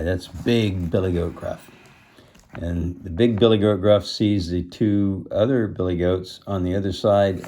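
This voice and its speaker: A man reading a storybook aloud to children, pausing to explain words and show the pictures. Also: sits low, mellow.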